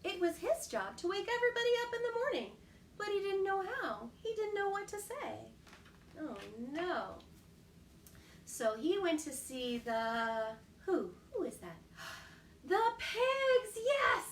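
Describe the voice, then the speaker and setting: An animated woman reads a picture book aloud to young children, her high voice swooping up and down as she exclaims and asks them questions. She talks slowly and brightly. The recording is echoey and set back, in a home kitchen with faint background ambience. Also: distant mic, a little hiss or hum. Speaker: children's storytime host. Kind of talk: children's storytime read-aloud.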